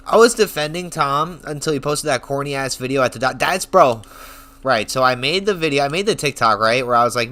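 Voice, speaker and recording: A man streaming a casual reaction rant, telling stories in an excitable, profane, rambling way. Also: mid-range voice, fast talker. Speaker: online streamer.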